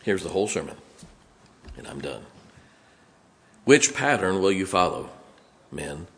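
A man preaching a sermon in a church, emphatic, swinging from loud to hushed. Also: sits low, sing-song, measured pace.

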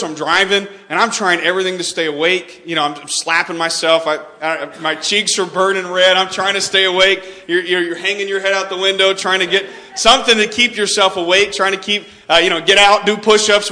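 A man's voice: high voice, steady tone, fairly quick, few pauses, pushed and bright. A young man from Texas preaching a sermon, telling a story with frequent restarts and repeated words.

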